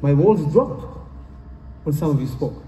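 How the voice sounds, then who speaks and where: A man's voice: fairly high pitch, lively intonation, a little slow, dark tone, lo-fi sound, slight background noise. Earnest man speaking in a distant echoey hall. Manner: earnest, repetitive, non-native phrasing. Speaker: conference speaker. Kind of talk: motivational talk. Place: conference hall. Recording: roomy hall from far off.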